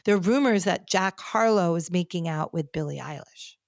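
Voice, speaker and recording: A woman's voice: fairly low pitch, normal speed, creaky, slight background noise. A woman hosting a podcast, chatting animatedly about pop culture with lots of fillers. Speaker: podcast host. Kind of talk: casual pop culture chat.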